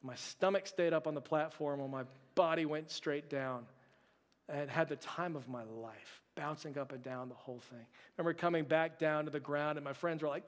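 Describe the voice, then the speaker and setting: In a church sanctuary full of long, trailing reverb, a man preaches briskly, weaving humorous personal anecdotes into his sermon. His fairly high-pitched voice stays animated but sinks to a hush when he quotes what he was thinking.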